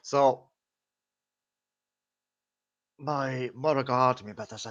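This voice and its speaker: A man's voice: medium pitch, fairly even intonation, normal speed, a bit bright. A man hosting a live stream, telling stories casually, swearing freely and laughing at his own tales in front of a camera. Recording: slightly dull lo-fi sound.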